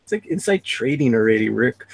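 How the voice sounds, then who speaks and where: A man's voice: medium pitch, lively intonation, a little fast, creaky, slightly rough, no room sound, rough recording. A man chatting on a livestream art auction as a bidder, eagerly talking up the artwork. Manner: enthusiastic, talks up the artwork. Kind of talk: casual livestream chat.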